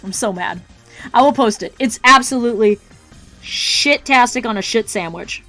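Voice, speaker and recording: A woman with a fairly high voice rants on her stream, salty and swearing freely. She talks casually to her chat, and faint music plays under her voice. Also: normal speed, pushed and bright. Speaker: art streamer.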